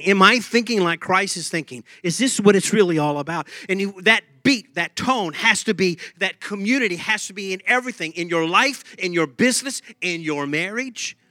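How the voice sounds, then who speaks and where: A man delivers a lively sermon, humming tunes and laughing between points. His voice sits a little high and sounds bright and forceful. The recording is close and dry. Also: no echo. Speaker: preacher.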